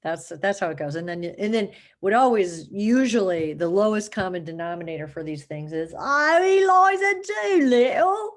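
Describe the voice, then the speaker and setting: A woman's voice: on the low side, brisk, few pauses, a little mellow. A woman chatting casually to the camera, rambling and self-mocking, laughing often and slipping into put-on accents for fun. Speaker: vlogger.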